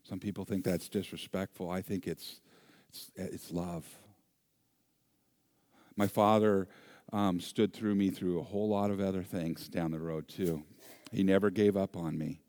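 Low-voiced middle-aged guy preaching, funny animated storyteller, does all the voices. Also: unhurried, no echo. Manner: animated, humorous storyteller who acts out voices and sounds. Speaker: pastor. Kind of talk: sermon storytelling.

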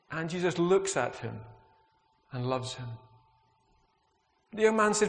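A man's voice: a little high, moderate pace, long pauses, a bit bright. A man preaching a sermon, earnest and reflective, asking the congregation questions. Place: church. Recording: long hall reverb.

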